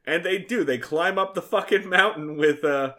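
A man's voice: fairly high pitch, moderate pace, pushed and bright. A man co-hosting a casual podcast, recapping a story in an easygoing, profane way. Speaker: podcast co-host. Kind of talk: casual comedic recap chat.

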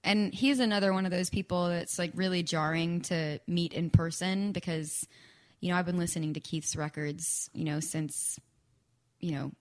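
Chatty young woman, low-pitched, casual guest storytelling with filler words. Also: steady tone, normal speed. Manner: chatty, frequent fillers and laughs, acts out quoted speech. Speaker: guest songwriter. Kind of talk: casual chat.

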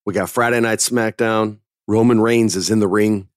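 A man's voice: on the low side, fairly even intonation, moderate pace, no room sound, clean studio sound. A man hosting a podcast, telling stories in a laid-back casual chat, dropping dude and man. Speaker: podcast host.

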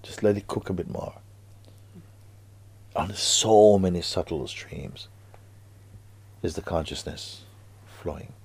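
A man giving a spiritual talk to students, slow and hushed with sudden emphatic rises, and slightly non-native grammar. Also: low voice, gravelly, slightly rough, no room sound. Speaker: spiritual teacher.

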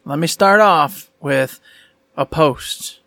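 Playful young man, slightly high voice. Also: slow, creaky, fairly bright tone, no room sound, clean studio sound. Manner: playful, whoops and teases. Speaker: podcast co-host. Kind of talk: casual gaming podcast chat.

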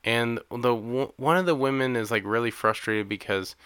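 Guy recapping a movie w his buddy, crisp clear voice, no room echo, swears a lot, can't believe it. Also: medium pitch, normal speed. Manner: animated, incredulous, swearing, acts out characters' lines. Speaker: podcast co-host. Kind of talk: casual movie-recap chat.

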